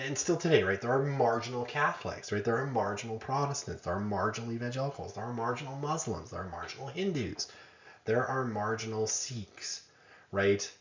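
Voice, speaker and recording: A man's voice: on the low side, roomy sound, highs cut off. A man giving a conversational college lecture, often checking in with "right?" and making self-deprecating asides.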